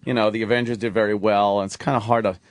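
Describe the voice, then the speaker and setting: A man's voice: fairly low pitch, flat delivery, very fast, dry recording. A man co-hosting a radio talk show, blunt and profane, laughing easily as he chats. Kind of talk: casual radio banter. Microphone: studio mic.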